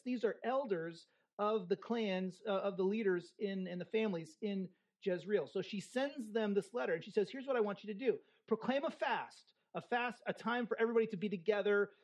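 A preacher teaching through a passage verse by verse, reading it aloud and then unpacking it in plain talk. The delivery is casual and humorous, with quick modern asides and a habit of checking in with "right?". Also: mid-range voice, a little mellow. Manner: conversational, with frequent "right?" asides. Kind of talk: expository sermon with scripture reading.

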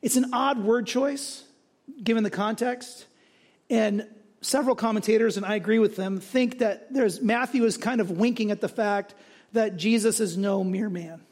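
A male pastor preaching a sermon in a conversational, animated way, often checking in with "right?". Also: high-pitched, normal speed.

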